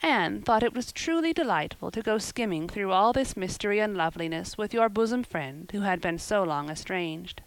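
A woman's voice: mid-range voice, lively intonation, moderate pace, few pauses, clear, resonant tone, dry recording, low-quality recording. Woman reading a storybook aloud. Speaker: narrator. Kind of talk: audiobook narration.

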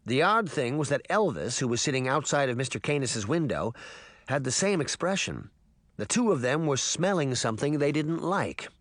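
Expressive male storybook narrator. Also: mid-range voice, normal speed, no room sound. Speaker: audiobook narrator. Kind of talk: scripted narration.

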